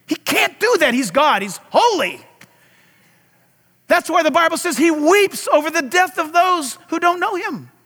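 A man preaching with passion from a pulpit, his voice very high and bright, ringing through a large hall with a long echo. He swings between near-shouts and hushed asides as he works the congregation. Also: animated, a little slow. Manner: impassioned, loud preaching with dramatic swings. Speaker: pastor. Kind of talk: sermon.

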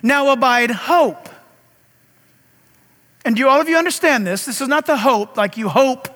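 A man's voice: very high voice, unhurried, fairly bright tone, long reverb tail. A man preaching a sermon as pastor, talking straight to his congregation with passion. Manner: impassioned preaching, direct address to congregation.

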